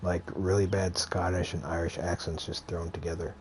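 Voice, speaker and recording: A man's voice: low voice, level tone, normal speed, slight background noise. A tired young man chatting casually with his tabletop group, wry and self-deprecating. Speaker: tabletop player. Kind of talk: casual chat among tabletop players.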